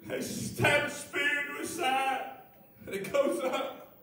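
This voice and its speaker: A male pastor preaching a sermon with impassioned intensity, often shouting and repeating phrases. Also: extremely high pitch, steady tone, slow pace, gravelly, slight background noise. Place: church sanctuary. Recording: echoey church from far off.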